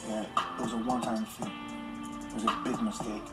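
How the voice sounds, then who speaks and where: Male reality participant, apologetic and pleading, loud score underneath. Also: lowish voice, little pitch movement, normal speed, over loud music.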